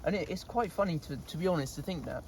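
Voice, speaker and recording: A man's voice: a little high, lively intonation, quick pace, darkish tone, slight background noise. A man chatting casually to camera outdoors in a goat pen, laughing often and scolding his animals. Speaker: vlogger. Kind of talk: casual vlog talk.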